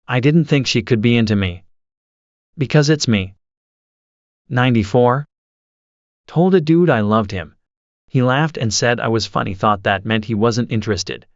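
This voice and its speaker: A man narrating forum posts aloud in an even, steady reading voice. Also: mid-range voice, no echo, highs cut off.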